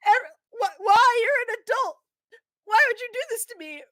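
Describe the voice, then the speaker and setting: A woman voicing a bratty young boy who fake-cries in a shrill, wailing voice. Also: lively intonation, fairly quick, pushed and bright, no echo, studio quality, full character voice.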